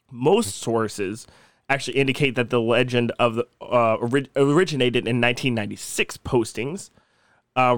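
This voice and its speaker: An excitable young man talks on a casual podcast, swearing freely and breaking into laughter often. His voice sits at a middle pitch and sounds close and dry, with no room around it. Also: dry recording. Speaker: podcast co-host.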